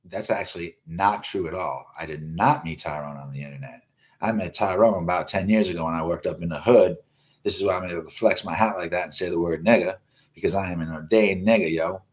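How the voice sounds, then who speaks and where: A man's voice: low-pitched, fairly quick. A man hosting a live show, telling rambling stories full of swearing. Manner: swears constantly, rambling and animated. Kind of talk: profane live-stream storytelling.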